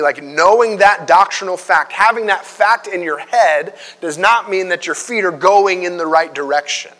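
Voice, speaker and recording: A man's voice: high voice, normal speed. A man preaching a sermon in a loose, conversational way, full of fillers and restarts. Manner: conversational, animated, filler-heavy. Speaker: pastor. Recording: long hall reverb.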